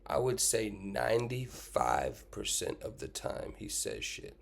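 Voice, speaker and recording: A man with a fairly low voice reacts to clips in a loose, casual way. He talks bluntly and swears freely, pressing his point with one rhetorical question after another. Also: sing-song, a little slow, vocal fry.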